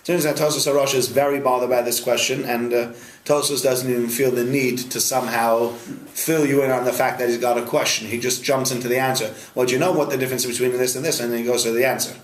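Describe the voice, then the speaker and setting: A man, a rabbi, teaching a Talmud class in a study hall, firing questions at his students in a lively way. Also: mid-range voice, fairly quick. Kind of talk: interactive Talmud lesson.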